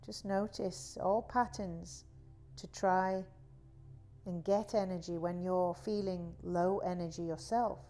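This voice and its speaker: A woman teaching a guided yoga class, talking in a slow, soothing, drawn-out way. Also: fairly low pitch, fairly even intonation, dark tone, soft background music. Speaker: yoga instructor.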